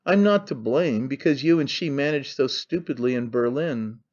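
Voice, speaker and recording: A man's voice: medium pitch, moderate pace, darkish tone, lo-fi sound, lightly acted. A man voicing a brash young man who mocks his father in an offhand, needling way. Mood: scornful. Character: young man, mocking, cynical, brash son.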